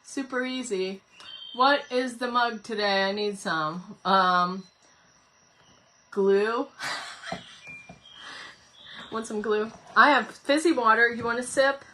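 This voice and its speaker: Woman in her fifties, bright voice, chatty and giggly, home craft livestream, faint hiss. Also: on the high side, slow pace, long pauses. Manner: chatty, giggly and rambling, reads viewer comments aloud. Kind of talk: casual chat while crafting.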